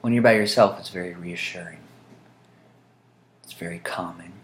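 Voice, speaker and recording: A man's voice: low-pitched, moderate pace. A man chatting casually to camera in a vlog, meandering and dry-humored, with frequent fillers. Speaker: vlogger. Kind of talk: casual rambling monologue to camera.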